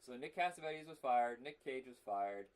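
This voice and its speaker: A man's voice: medium pitch, lively intonation, normal speed. A man co-hosting a movie podcast, chatting casually and laughing often. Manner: chatty, laughs often, breaks into silly impressions. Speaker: podcast co-host.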